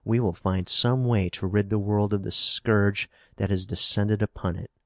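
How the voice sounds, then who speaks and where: A man's voice: fairly low pitch, steady tone, moderate pace, no room sound, studio quality, close to an everyday voice. A man reading the part of a brave young hero, confident and protective. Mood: resolute. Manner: resolute and confident.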